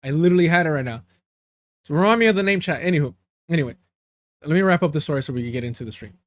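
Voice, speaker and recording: A man's voice: fairly high pitch, lively intonation, very fast. A man from the US–Mexico border region, live streaming as host and telling a long, rambling story to his chat, dropping Spanish phrases in and often losing his words. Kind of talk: casual rambling chat with viewers.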